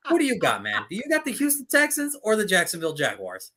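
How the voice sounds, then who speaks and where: Male co-host, joking sports picks, very lively pitch. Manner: animated, swears, quick jokes. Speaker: podcast co-host. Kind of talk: casual sports chat.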